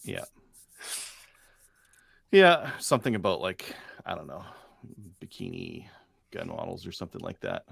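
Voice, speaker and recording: A man with a low, gravelly voice hosts a casual talk show. His pitch swings up and down as he runs through news items with plenty of ums and uhs. The sound is close and dry. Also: sing-song, measured pace, long pauses, a bit bright, dry recording. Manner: loose, filler-heavy reading of news items. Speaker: podcast host. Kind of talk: casual chat. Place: studio.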